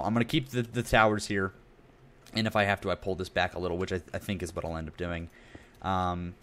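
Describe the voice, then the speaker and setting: A man's voice: lowish voice, fairly bright tone. A young man streaming a building game, chatting in a rambling, self-deprecating way with lots of asides. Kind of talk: casual gameplay commentary.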